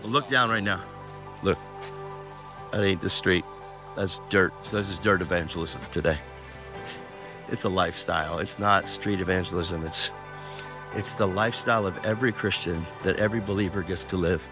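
A man evangelizing outdoors, talking with people and praying over them in quick, commanding bursts. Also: sits low. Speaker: street evangelist. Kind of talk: street prayer and conversation. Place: outdoors on dirt ground. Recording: clip with music underneath.

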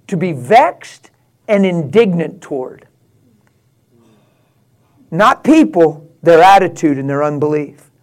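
A man preaching a sermon, rising to passionate, laughing exclamations and dropping to a hushed prayerful tone. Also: high-pitched. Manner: drops to a hushed prayerful tone near the end.

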